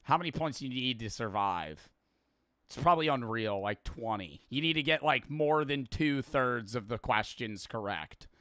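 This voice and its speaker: A man's voice: medium pitch, lively intonation, moderate pace, bright, forceful tone, dry recording, clean studio sound. A man streaming his reactions to a video, talking casually in a rambling, jokey, profane way.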